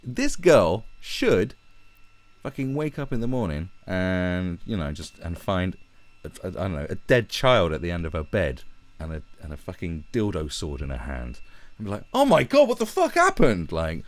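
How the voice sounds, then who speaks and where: A man's voice: deep voice, animated, normal speed, no echo. A man giving a sarcastic, profane ranting commentary as an online commentator. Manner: sarcastic and profane, with mocking asides.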